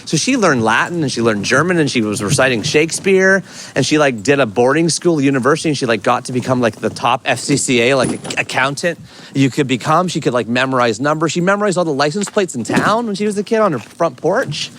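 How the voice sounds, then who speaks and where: A man hosting a podcast while out on a walk, chatty and curious, telling stories and asking questions in quick bursts. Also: medium pitch, expressive, fairly bright tone, low-quality recording. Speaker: podcast host. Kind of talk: walking interview chat. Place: outdoors on a city street. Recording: street noise behind outdoor walk.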